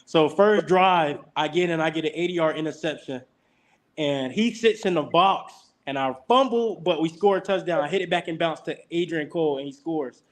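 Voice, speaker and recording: A man's voice: a little high, moderate pace. A young man, a college football player, telling stories in a casual podcast interview and acting out the quotes. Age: young adult. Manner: animated storyteller who acts out quotes.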